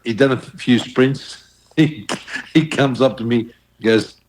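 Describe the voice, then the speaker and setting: A man's voice: mid-range voice, slow pace, slight background noise. A man, a former national team footballer, telling an anecdote in casual chat and chuckling.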